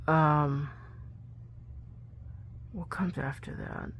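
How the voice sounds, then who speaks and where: Woman, lowish voice, unhurried; casual home practice, talks herself through it and self-corrects. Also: lively intonation, creaky, a little hiss or hum. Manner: slow, thinking aloud, self-correcting, soft asides. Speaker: Latin learner recording her practice. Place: bedroom at home.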